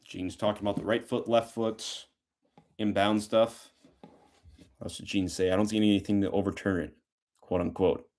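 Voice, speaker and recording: A man's voice: fairly low pitch, moderate pace. Man calling live football reactions. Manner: excited swings between shouting calls and quiet asides. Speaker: sports talk host.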